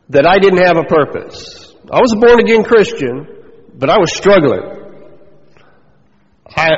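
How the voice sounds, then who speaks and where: A man who is a pastor, giving a conversational sermon and putting questions to his listeners. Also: fairly high pitch. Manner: conversational preaching, asks the congregation questions. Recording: dull recording with long hall reverb.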